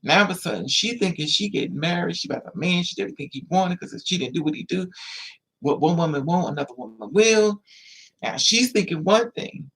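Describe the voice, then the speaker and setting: Vlogger, male, a little higher-pitched, gravelly and husky; animated storyteller who acts out the other people in his story. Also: fairly quick. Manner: repetitive, emphatic. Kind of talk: storytelling monologue.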